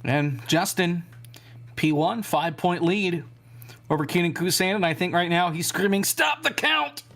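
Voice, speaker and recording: A man's voice: high-pitched, fairly even intonation, normal speed. A man hosting a sim racing broadcast, wrapping up with upbeat commentary. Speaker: lead commentator.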